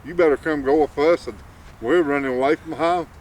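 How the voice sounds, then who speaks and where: A plainspoken young folk hero talking low and steady, as a storyteller voices him. He drawls slightly deeper than the narration. He sounds distant, with faint outdoor noise behind. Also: brisk, close to an everyday voice. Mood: calm.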